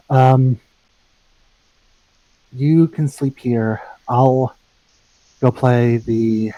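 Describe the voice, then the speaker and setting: Guy roleplaying at a tabletop game, slow and mellow, dry sound. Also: medium pitch, no room sound, poor audio. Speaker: player. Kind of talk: in-character tabletop role-play.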